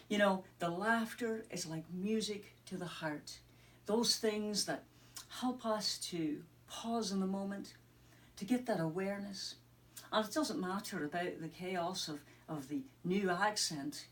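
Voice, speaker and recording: A woman's voice: medium pitch, measured pace, recorded from a distance. Woman, Scottish-sounding brogue, upbeat coach telling a story, mic set some way off. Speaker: wellness coach. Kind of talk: mindfulness tip to camera.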